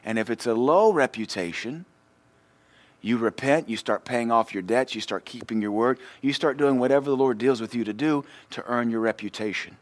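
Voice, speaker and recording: A male pastor, preaching a sermon and telling a personal story in a lively way, swinging between loud and quiet. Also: medium pitch, normal speed.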